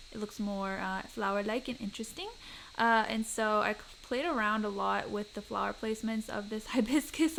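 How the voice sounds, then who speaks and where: A woman's voice: mid-range voice, gravelly, slight background noise. A young woman hosting a craft tutorial, talking through each step in a chatty, self-deprecating voice-over.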